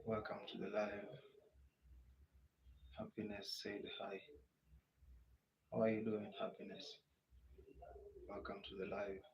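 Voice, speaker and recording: A man's voice: lowish voice, completely flat delivery, slow, pauses often. A Kenyan man with a Kenyan English accent hosting a casual live Q&A, reading out viewer comments and answering them in a chatty way. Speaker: livestream host. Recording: muffled lo-fi audio with faint background noise.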